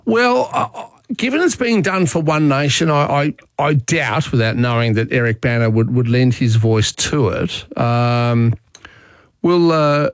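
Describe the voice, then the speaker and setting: Chatty radio host. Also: male voice, medium pitch, unhurried, clean tone, dry recording. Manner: relaxed, chatty, frequent fillers and restarts. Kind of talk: casual talkback radio chat. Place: radio studio.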